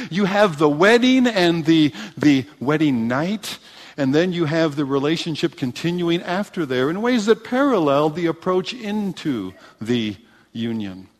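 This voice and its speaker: Man, pastor, sermon, slightly high voice, animated preaching, long hall reverb. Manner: animated preaching with frequent restarts.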